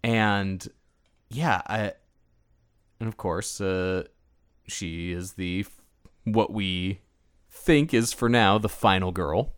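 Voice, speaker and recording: A man co-hosting a casual film discussion, animated and often restarting his sentences, sometimes acting out characters' lines in a playful higher voice. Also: slow, pauses often, smooth, dry recording, studio quality. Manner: animated, acts out characters' lines with playful high-pitched impressions. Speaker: podcast co-host.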